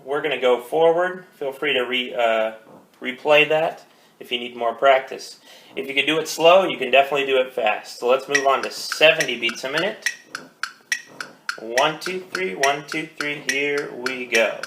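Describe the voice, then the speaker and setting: Man, drum teacher, counting beats, bright voice, echoey room, faint noise. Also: medium pitch, a little fast. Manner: counts beats aloud, calm coaching. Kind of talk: instructional rudiment lesson. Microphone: phone.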